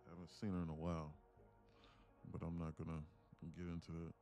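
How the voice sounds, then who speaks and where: A man's voice: low-pitched, monotone, brisk, vocal fry, warm tone, soft background music. A man hosting a live trading stream, chatting loosely with lots of fillers and chuckles. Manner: rambling, laughs through stories, many fillers. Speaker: livestream host, day trader. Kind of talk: casual live-stream chat.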